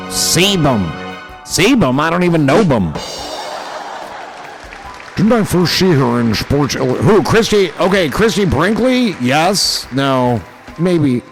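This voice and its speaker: Gravelly voiced guy joking thru chat messages, swoops up and down a lot, loud music and crowd behind. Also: on the high side, very animated, slow pace. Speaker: livestream host. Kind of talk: casual chat reading viewer comments aloud.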